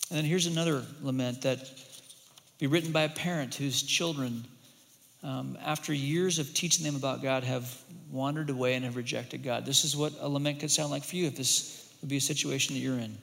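Guy preaching, kinda high voice, earnest and pleading, church hall reverb. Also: a little fast, gravelly. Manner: earnest, rising to emphatic pleading then softening. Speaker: pastor. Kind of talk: sermon.

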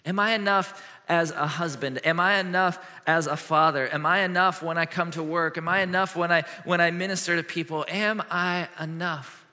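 A middle-aged man preaching a sermon as a pastor, telling stories with lively swings between loud and hushed. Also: on the high side. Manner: animated storytelling with quick shifts from loud to hushed. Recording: long hall reverb.

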